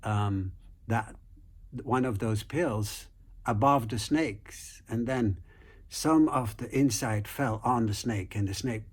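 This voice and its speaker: A man telling a folk tale aloud, relaxed, with fillers and restarts, acting out the quotes. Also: on the low side, slow pace, slightly rough. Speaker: storyteller.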